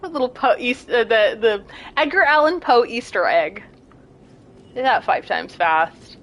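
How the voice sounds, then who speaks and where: Woman, young adult, casual gameplay commentary, high voice, chatty, self-deprecating. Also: unhurried. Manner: chatty, self-deprecating, bursts of excited squeals. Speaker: streamer.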